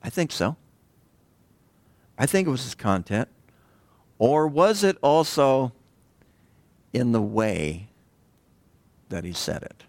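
Conversational male pastor with a lively, animated delivery. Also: medium pitch, dry recording. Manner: conversational preaching with pauses and rhetorical questions. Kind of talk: sermon.

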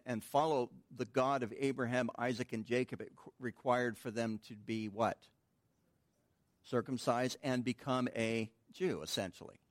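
A man's voice: medium pitch, no echo. A man teaching a midweek Bible study in a conversational, informal way, asking the room questions and answering them himself.

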